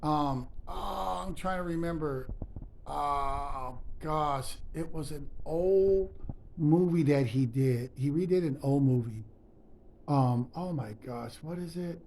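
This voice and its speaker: A man's voice: on the high side, slow pace, gravelly, darkish tone, slight background noise. A man talking straight to his viewers in an emphatic, preachy motivational monologue, often calling them guys. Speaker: motivational speaker.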